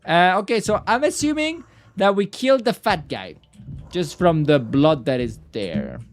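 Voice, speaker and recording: A man streaming a video game live, reacting excitably and swearing at what happens on screen. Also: sits high, a little slow, slight background noise. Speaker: gaming streamer. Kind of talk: live gameplay commentary.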